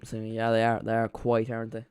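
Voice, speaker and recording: A man's voice: fairly low pitch, completely flat delivery, a little fast, a little mellow, clean tone, no echo. A young Irish man chatting casually while streaming a football watchalong from home, rambling with frequent restarts. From Ireland. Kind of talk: casual live commentary.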